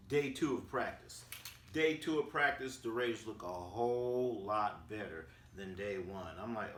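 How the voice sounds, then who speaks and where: A man from Oakland in a casual storytelling recap, animated and acting out quotes with slang. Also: on the low side, unhurried, a little hiss or hum. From Oakland, California, USA. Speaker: sports vlogger. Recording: roomy sound, distant from the mic.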